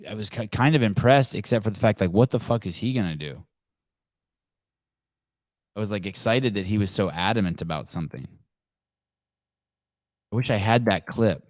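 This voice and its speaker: A man's voice: lowish voice, normal speed, long pauses, darkish tone, no room sound, studio quality. A man hosting a live call-in podcast, off-the-cuff, sarcastic and profane. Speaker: podcast host.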